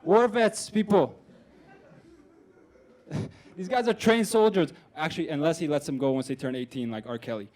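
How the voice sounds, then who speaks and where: A young man in his twenties works a comedy club crowd through a stage mic, his voice sitting a little on the high side. He talks in a loose, profane, conversational way, slipping into the voices of the people in his stories. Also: moderate pace, pauses often, darkish tone. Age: 20s. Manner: profane, conversational, acts out quoted characters. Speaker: stand-up comedian. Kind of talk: stand-up comedy set.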